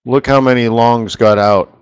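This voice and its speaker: A man's voice: medium pitch, fairly even intonation, measured pace, smooth, muffled recording. A middle-aged man hosting a casual live trading webinar, talking in a rambling, chatty way with asides about his screen tools. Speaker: forex market strategist hosting a live webinar.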